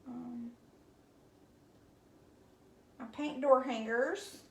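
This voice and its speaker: A woman's voice: high voice, steady tone, takes it slowly, echoey room. A woman from Alabama with a Southern accent, chatting casually on a livestream as she paints and answers viewer comments in a folksy way. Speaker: craft livestream host.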